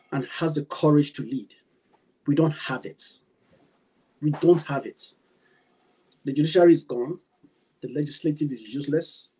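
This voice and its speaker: An emphatic man with a Nigerian English accent makes his case on a talk show, driving his points home with repetition. His voice sits a little high, with a mellow, husky tone. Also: rough recording. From Nigeria, Benin (Edo). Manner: emphatic, repeats points for stress. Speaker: panel speaker. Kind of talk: impassioned talk-show commentary.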